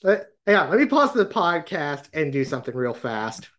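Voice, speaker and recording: A man's voice: a little high, very animated, moderate pace, a bit bright. A man from Arkansas, hosting a podcast and telling a rambling, laughing story in casual chat. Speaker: podcast host.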